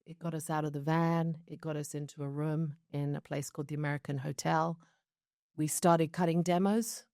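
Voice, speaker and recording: A woman's voice: low voice, fairly even intonation, normal speed, a little mellow, dry recording, studio quality. A British woman from London, recounting her life story in a candid interview, chatty and reflective with laughs between stories. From London, England. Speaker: show creator being interviewed.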